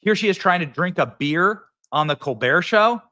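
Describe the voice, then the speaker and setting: A man's voice: high-pitched, lively intonation, moderate pace, pushed and bright. A man hosting a political commentary show, talking in a mocking, punchy, sarcastic way.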